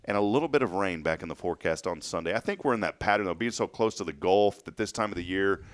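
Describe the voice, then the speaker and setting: A man's voice: low voice, fast talker, no echo. A man hosting a casual morning radio show, joking and laughing easily while reading the weather. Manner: lively, jokey, laughs often.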